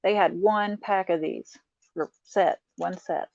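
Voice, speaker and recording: A middle-aged woman, talking slowly and easily as she chats with her live-stream viewers. She laughs a lot along the way. The sound is dull and muffled, and the voice is close and dry. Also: on the low side, vocal fry, a little mellow, no room sound. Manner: chatty, laughs often, talks to viewers in chat. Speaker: livestream host showing a craft haul. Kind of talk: casual live-stream chat.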